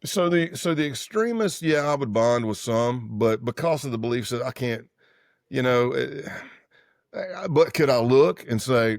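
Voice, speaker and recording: A man's voice: mid-range voice, moderate pace, no room sound, clean studio sound. Chatty man acting out stories. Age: 50s. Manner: acts out quoted dialogue in lively voices; loose, rambling, self-correcting speech. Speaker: former undercover agent, guest. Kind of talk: casual interview storytelling.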